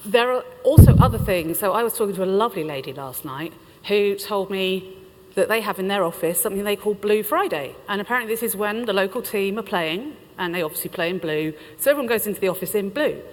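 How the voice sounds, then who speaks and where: A woman's voice: medium pitch, a little fast. A woman with a British accent giving a chatty, playful talk to a conference audience. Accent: British English. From United Kingdom. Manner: chatty and playful, laughs between lines. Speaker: conference speaker. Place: large conference hall. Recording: reverberant conference hall.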